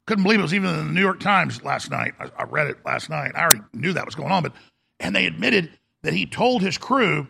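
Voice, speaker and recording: A man's voice: fairly high pitch, animated, fast, gravelly, sharp tone, breathy edge. A man hosting a talk show, delivering a sarcastic, combative rant. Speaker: talk radio host. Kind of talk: ranting talk show monologue.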